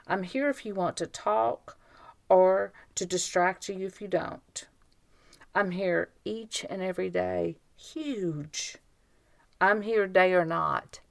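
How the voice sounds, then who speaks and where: A woman co-hosting a podcast speaks slowly and deliberately, leaning hard on key words. Her voice is low and gravelly with a clear fry, and it is recorded close and dry. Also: dry recording. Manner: earnest, emphatic, slow and deliberate. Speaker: podcast co-host. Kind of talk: casual chat.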